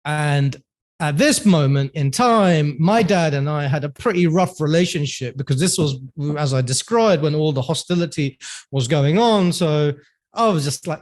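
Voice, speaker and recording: This podcast guest is a man from London, England, whose fairly high voice moves at a moderate pace. In a relaxed interview he tells stories chattily, with frequent laughter and lots of fillers.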